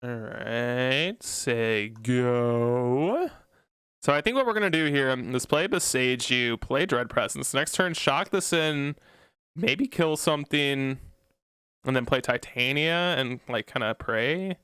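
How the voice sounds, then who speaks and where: A man commentating his own card game, pleading and groaning at bad luck with loud anguished outbursts. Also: medium pitch, slow, clean tone, no room sound, studio quality. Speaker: gameplay commentator.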